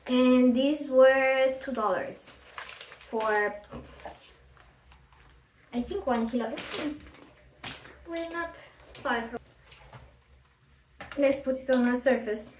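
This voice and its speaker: A woman's voice: high voice, slow, pauses often. A woman vlogging as she cooks at home, chatty and self-deprecating, thinking aloud as she works. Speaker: cooking vlogger. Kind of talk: casual cooking chat. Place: home kitchen. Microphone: camera at a distance, face out of frame. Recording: roomy kitchen, mic far off, faint noise.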